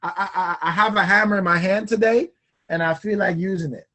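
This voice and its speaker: A man's voice: high voice, fairly even intonation, brisk, bright, forceful tone. A young man hosting a personal finance talk show, speaking animatedly and emphatically, laughing often and repeating key points. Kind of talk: casual solo talk on money.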